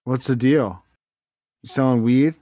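A man's voice: mid-range voice, a little slow, mellow, dry recording, studio quality. A man making a prank phone call, mock-earnest and pushy, repeating his questions over and over. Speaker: prank caller.

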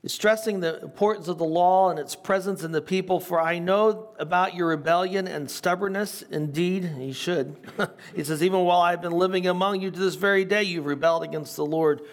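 An older man teaches scripture in a relaxed, conversational way. His voice sits a little higher than most men's. He reads passages aloud and then adds informal asides. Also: a little fast. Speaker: pastor teaching a Bible study. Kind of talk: sermon.

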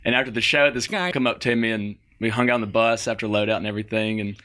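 A man's voice: on the low side, steady tone, quick pace, pushed and bright. A man telling a rambling, laughing story as a guest on a casual podcast, acting out the people he quotes. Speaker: podcast guest, touring musician. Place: podcast studio.

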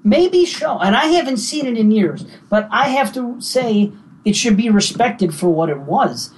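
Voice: medium pitch, very animated, a little slow, breathy edge, poor audio. A podcast host reflecting and telling stories in an easygoing way during casual banter.

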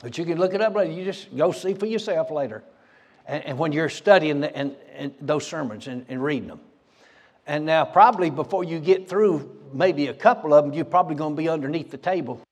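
A man's voice: fairly high pitch, expressive, brisk. A man preaching a sermon as pastor, fiery and folksy, laughing between lines in a church. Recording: reverberant church hall.

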